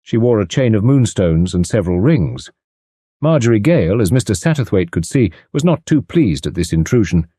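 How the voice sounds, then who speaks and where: Male narrator, expressive scripted reading, low and dry. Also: normal speed, slightly rough, dry recording. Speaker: audiobook narrator. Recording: dry close studio sound.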